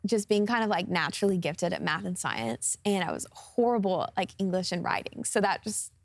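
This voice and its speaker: A woman's voice: fairly low pitch, lively intonation, fairly quick, vocal fry, no room sound, clean studio sound. A woman of about twenty, a guest singer sharing her personal testimony in an interview, speaking earnestly and openly with many fillers. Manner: earnest and open, with frequent fillers like "um" and "like".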